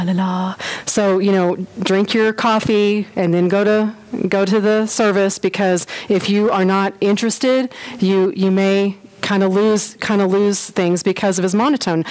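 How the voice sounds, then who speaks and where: A woman giving a casual church history class, chatty and animated, with lots of fillers and quick acted-out quotes. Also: medium pitch, rough recording.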